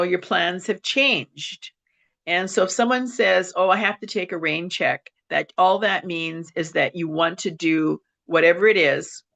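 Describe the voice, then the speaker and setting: A woman's voice: fairly low pitch, vocal fry, fairly bright tone. A woman with a Western Canadian accent teaching English idioms on a video call, patiently restating each point and checking in with "okay". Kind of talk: online class teaching.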